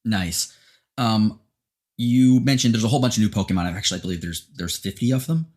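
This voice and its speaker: A man with a husky, low voice hosts a casual podcast chat. He keeps things relaxed, feeding questions to his co-host. His delivery stays easygoing. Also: a little fast.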